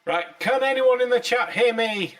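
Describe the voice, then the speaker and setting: A man's voice: extremely high pitch, normal speed, a bit bright, recorded from a distance. A man hosting a casual live stream, chatty and jokey, swearing freely, a few pints in. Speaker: streamer host.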